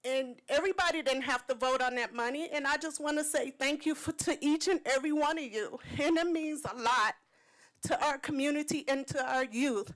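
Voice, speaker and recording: A high-voiced woman speaking at normal speed thanks the city council for backing her community event. As the event's organizer at public comment, she is earnest, heartfelt, and near tears in this emotional speech, captured on a low-quality recording.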